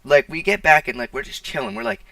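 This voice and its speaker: A man's voice: on the high side, big pitch swings, fast talker, creaky, pushed and bright, no echo. A teenage boy telling a casual storytime, rambling with lots of "like" and restarts, recorded on a poor mic. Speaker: vlogger. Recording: distant, dry, poor-quality mic.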